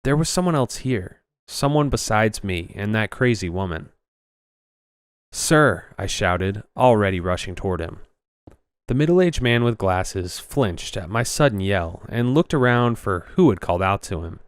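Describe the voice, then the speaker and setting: Man, horror story narrator, low voice, smooth tone, dry close sound, suspenseful. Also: expressive, normal speed, no echo. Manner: tense, suspenseful reading with voiced dialogue.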